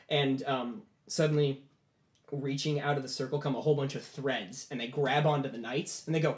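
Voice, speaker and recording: A man's voice: medium pitch, fairly even intonation, fairly quick, a little mellow. Casual male game master, roomy sound. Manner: casual storytelling with many "like" fillers. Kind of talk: narrating a tabletop game. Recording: roomy echo.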